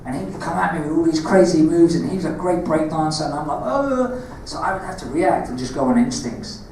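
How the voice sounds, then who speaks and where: A man with a Cockney accent answering questions on a convention panel, telling animated stories, laughing and acting out moments, recorded from the audience far off in a large hall. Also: on the high side, quick pace, a little hiss or hum. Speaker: panel guest, actor and martial artist. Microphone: audience camera far from the stage.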